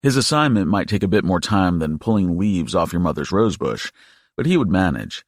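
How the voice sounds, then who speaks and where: Husky, low-voiced male narrator. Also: dry recording, clean studio sound. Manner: steady, measured storytelling. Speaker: audiobook narrator. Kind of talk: scripted narration.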